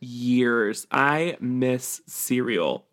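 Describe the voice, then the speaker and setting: A man's voice: mid-range voice, expressive, drawn-out words, fairly bright tone. A man co-hosting a podcast in casual chat, gossipy and giggly, talking in long breathless run-on sentences. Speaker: podcast co-host. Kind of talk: casual chat recapping a TV show.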